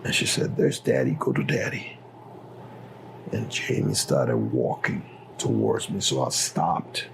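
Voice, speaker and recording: A man's voice: very deep voice, sing-song, a little slow, gravelly, slight background noise, rough recording. A middle-aged man with a Liberian accent telling his story as an interview guest, acting out the dialogue with animation. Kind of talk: personal storytelling.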